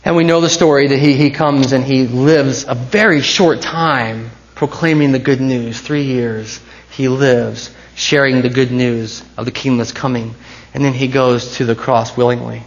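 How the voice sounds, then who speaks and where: Guy preaching, gravelly voice, gets quiet then climbs way up, bit of a dull lo-fi sound. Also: medium pitch. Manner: impassioned preaching, swinging from hushed to rising. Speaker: pastor. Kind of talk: sermon.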